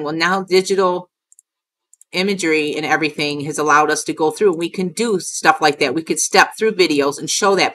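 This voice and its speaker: A woman's voice: fairly low pitch, pushed and bright. A middle-aged woman narrating her own footage in a casual vlog. She talks in a rambling, emphatic way and curses often. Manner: rambling and emphatic, with frequent cursing. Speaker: video creator.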